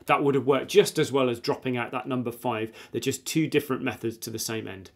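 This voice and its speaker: A man's voice: mid-range voice, brisk, few pauses. A man teaching a guitar lesson, patiently counting beats aloud and explaining strum directions while he plays. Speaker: music teacher. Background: guitar playing.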